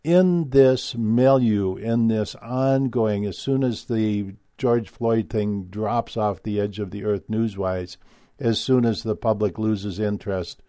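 Man, low voice, mellow dark tone, rambling opinionated monologue, dry small room. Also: slow, no room sound. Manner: opinionated, rambling with fillers and restarts. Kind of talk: casual monologue.

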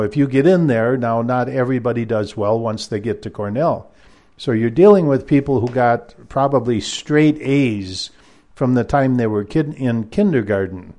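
A man's voice: mid-range voice, dark tone. A man who used to teach university math, telling a personal story in a rambling way, with many fillers and restarts. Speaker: former university math lecturer.

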